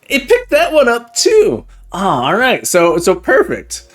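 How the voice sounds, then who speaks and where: A man hosting a live coding stream, chatting excitedly and jokingly with viewers, often repeating words and restarting his sentences. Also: very high-pitched, a little slow, faint music behind. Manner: laughs often and jokes with chat. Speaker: livestream coding host. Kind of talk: casual live-stream chat while coding.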